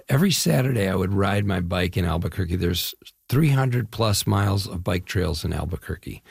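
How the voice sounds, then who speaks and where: A man's voice: on the low side, gravelly, husky, no echo, clean studio sound. A middle-aged man from the Chicago area, an actor telling rambling stories in a casual interview. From Chicago area, Midwest US. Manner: animated, rambling storyteller. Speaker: actor guest.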